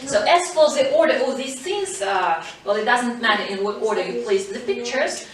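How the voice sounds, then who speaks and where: High-voiced woman teaching a class. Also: expressive, normal speed, very echoey, distant mic, poor audio. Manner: prompting pupils, switching to Russian to explain. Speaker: English teacher. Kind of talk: classroom lesson. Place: school classroom.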